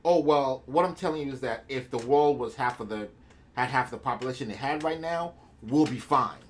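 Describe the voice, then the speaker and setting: A man's voice: mid-range voice, moderate pace, slight background noise. A man co-hosting a podcast in casual chat, arguing his points emphatically, step by step. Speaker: podcast co-host.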